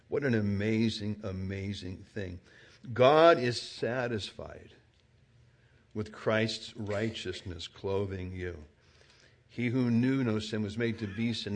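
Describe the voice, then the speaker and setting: Impassioned male preacher swinging loud to soft. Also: medium pitch. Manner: builds to loud impassioned preaching, then drops to quiet earnest tones; acts out little scenes with quoted voices. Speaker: pastor. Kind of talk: sermon.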